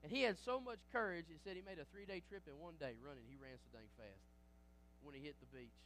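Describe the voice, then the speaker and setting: High-voiced preaching pastor, animated. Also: male voice, fast, noisy background. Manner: lively preaching with acted quotes and restarts. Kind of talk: sermon.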